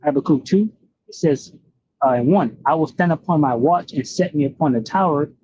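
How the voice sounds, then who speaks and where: A man's voice: on the high side, moderate pace, darkish tone, slightly rough, dry recording, muffled recording. A man reading scripture aloud and commenting on it, using many fillers and asking "right?" again and again. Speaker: bible teacher.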